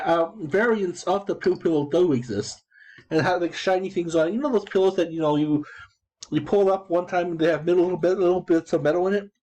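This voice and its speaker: Casual gamer guy in his thirties, dark mellow tone, meandering storyteller who stumbles over his words. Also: fairly high pitch, low-quality recording. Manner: digressive, full of restarts and repeated words. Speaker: gamer explaining his in-game chat. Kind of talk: rambling casual commentary.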